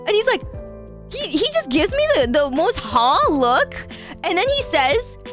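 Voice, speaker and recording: A woman's voice: extremely high pitch, measured pace, faint music behind. A woman hosting a casual stream chat, telling stories with lots of laughter and frank swearing. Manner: animated, laughing, swearing freely. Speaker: radio show host, VTuber.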